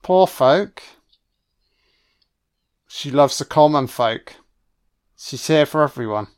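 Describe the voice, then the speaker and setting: A man's voice: a little high, animated, slow pace, smooth. Sweary man riffing on a film. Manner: sweary, wisecracking, talks back at the screen. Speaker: film commentator. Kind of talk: casual first-watch film commentary. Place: home recording, voice only.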